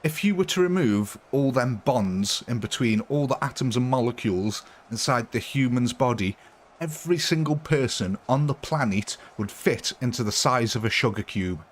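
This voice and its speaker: A man's voice: mid-range voice, animated, moderate pace, slight background noise. A man casually chatting with viewers during a live stream, rambling and laughing often.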